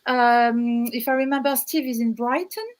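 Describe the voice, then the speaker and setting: A woman's voice: fairly high pitch, normal speed, a little hiss or hum. A woman with a French accent, speaking English as a second language in a casual chat, hesitant and searching for words. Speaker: guest on a live chat.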